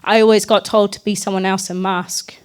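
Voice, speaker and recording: A woman's voice: medium pitch, level tone, fairly quick, smooth. A young woman, telling her personal story at a community talk in a candid, earnest, loosely chatty way. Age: young adult.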